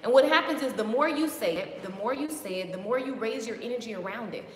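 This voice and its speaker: A woman giving a lively, chatty motivational talk on a live stream, greeting viewers by name. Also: a little high, fast talker, a little hiss or hum. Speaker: motivational vlogger. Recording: echoey with long reverb.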